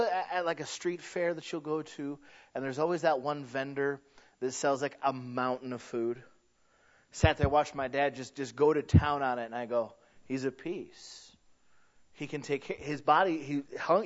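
A man with a high voice preaches in a conversational way. He is earnest, leaning hard on some words and dropping low and soft on others. The recording sounds dull and lo-fi. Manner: earnest, conversational, swings between emphatic and hushed. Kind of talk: sermon.

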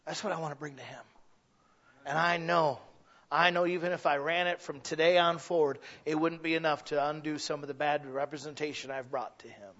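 A man preaching a sermon as pastor, shifting from quiet, near-whispered passages to loud, exclaiming ones. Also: a little high, fairly even intonation, brisk, lo-fi sound. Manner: swings from hushed and intimate to loud and exclaiming.

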